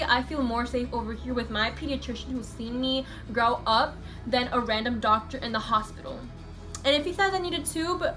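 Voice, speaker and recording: High-voiced chatty woman vlogger. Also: a bit bright. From USA. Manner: chatty, rambling, heavy use of filler 'like'. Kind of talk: casual storytime vlog.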